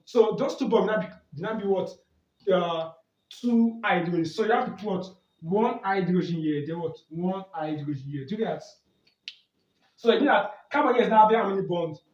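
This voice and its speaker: A man's voice: sits high, lively intonation, moderate pace, a little mellow. A man teaching a chemistry lesson, asking questions and answering them himself, and often asking "do you get that?". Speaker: chemistry tutor. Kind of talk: exam-prep lesson at a board. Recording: echoey room, mic far off, dull sound.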